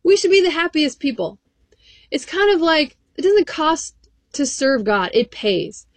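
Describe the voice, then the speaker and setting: A woman's voice: high-pitched, sing-song, measured pace, dry recording. A woman preaching a sermon in an earnest way, reading scripture aloud and asking the listeners direct questions.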